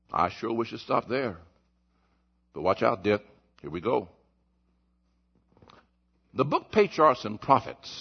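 A man preaching a sermon as pastor, swinging between shouted points and low, quiet asides. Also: husky. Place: church. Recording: muffled lo-fi recording.

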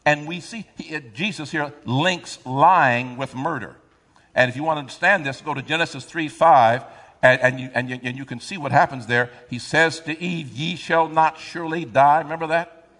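A man preaching a sermon, reading scripture aloud and drawing the congregation in with call-and-response questions and sudden loud swells. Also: fairly high pitch, moderate pace, big-room sound.

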